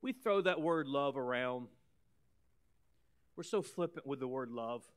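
A man preaching a sermon as pastor, emphatic, repeating words and swinging between loud and soft. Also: medium pitch, animated, a little slow, smooth.

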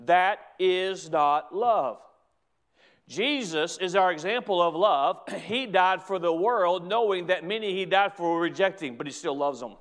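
Middle-aged male pastor with a high voice, emphatic preaching style. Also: measured pace, a bit bright. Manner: emphatic preaching with repeated phrases. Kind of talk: sermon.

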